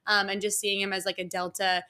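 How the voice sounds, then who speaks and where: A woman's voice: mid-range voice, a little fast, clear, resonant tone. A young woman hosting a podcast, telling a personal story in a casual, chatty way. She fills her speech with "like" and "you know.". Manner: animated, acts out dialogue. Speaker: podcast host.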